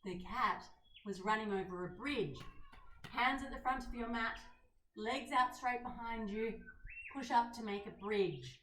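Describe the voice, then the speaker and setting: A woman leading a children's yoga lesson in a gentle, coaxing way, asking the kids questions as she guides them. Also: fairly high pitch, unhurried, slight background noise. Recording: roomy sound from a distant mic.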